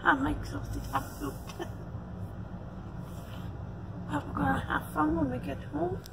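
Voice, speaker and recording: A woman's voice: high-pitched, fairly even intonation, takes it slowly, vocal fry. A woman vlogging in casual chat, rambling and laughing often, out of breath. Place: parked car, later at home. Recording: distant phone recording with road noise.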